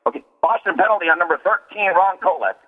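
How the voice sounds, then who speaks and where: A man putting on a booming arena announcer voice to call out hockey penalties, heard over a tinny phone line. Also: breathy edge, big-room sound. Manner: loud, drawn-out announcer delivery.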